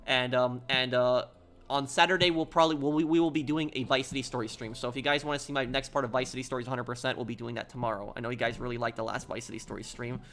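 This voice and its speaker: A man's voice: mid-range voice, fairly even intonation, fast talker, fairly bright tone. A young man chatting casually with viewers during a game stream, rambling and restarting often. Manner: rambling, many fillers and restarts.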